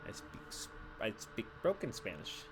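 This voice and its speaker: A young man telling stories while playing a game, animated and swearing freely, with loud exclamations. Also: lowish voice, normal speed, a little hiss or hum. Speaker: gaming video host.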